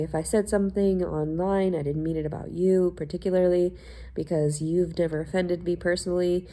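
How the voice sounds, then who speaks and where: A woman's voice: sits low, dark tone. A woman hosting a podcast, ranting in a sarcastic, profane casual monologue. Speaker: podcast host.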